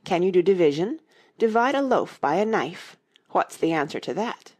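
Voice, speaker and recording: A woman's voice: fairly low pitch, very animated, normal speed, darkish tone, breathy edge. A woman voicing a fretful, fussy queen who asks odd questions.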